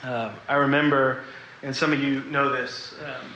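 A man preaching a sermon to a congregation, earnest and confessional, pausing to ask them questions. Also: medium pitch, level tone, bright, forceful tone, roomy sound, muffled recording, a little hiss or hum.

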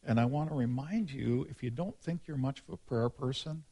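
Guy pastor doing a laid-back sermon, gravelly voice, mid pitch, straight talk. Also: fairly quick, mellow. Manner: candid, conversational, informal.

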